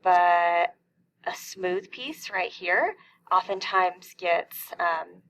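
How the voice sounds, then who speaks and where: A woman's voice: on the low side, very slow, a bit bright, poor audio. A middle-aged woman teaching a calculus lesson, explaining each step and asking questions that she then answers herself. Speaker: math teacher.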